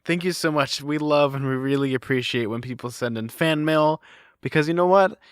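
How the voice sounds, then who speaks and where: A man's voice: on the high side, brisk, clear, resonant tone, no echo, studio quality. A man co-hosting a podcast in casual chat, talking loosely with lots of "like" fillers. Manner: filler-heavy, chatty with lots of "like". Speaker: podcast co-host.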